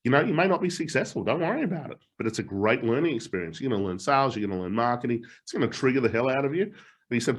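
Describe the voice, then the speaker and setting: Middle-aged man, motivational coach, lively pitch, laughs a lot, swears casually. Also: very fast. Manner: animated storytelling, laughs often, swears casually. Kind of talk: live online challenge talk.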